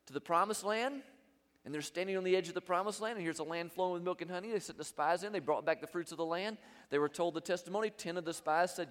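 A man preaching a sermon as pastor, emphatic, with big swings between loud and quiet. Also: sits high, quick pace, big-room sound.

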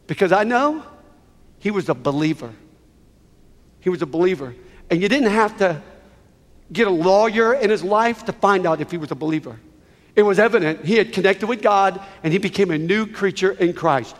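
A male preacher with a high voice delivers a sermon as a gripping story. He swings from quiet, heavy passages to loud, pleading peaks. His voice rings with the long reverb of a large hall. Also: lively intonation, moderate pace. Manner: emotional, swells from hushed to near-shouting.

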